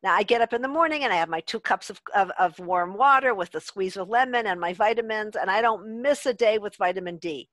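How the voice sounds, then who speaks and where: A woman leading a workshop on an online group call, lively and laughing as she acts out the voices she quotes. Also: medium pitch, a little fast, hardly any pauses, no echo. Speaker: workshop leader. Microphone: video call.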